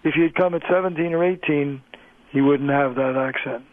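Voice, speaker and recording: A male linguist, a guest on a radio interview, explaining in a measured way with frequent pauses over the phone. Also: on the high side, no room sound. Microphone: telephone. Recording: tinny phone line, dry.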